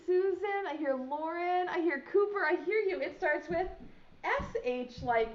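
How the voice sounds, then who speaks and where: A young woman with a high, animated voice teaches a virtual preschool lesson at normal speed, and the audio sounds dull. She talks to the small children in a sing-song, encouraging way, stretching out her sounds.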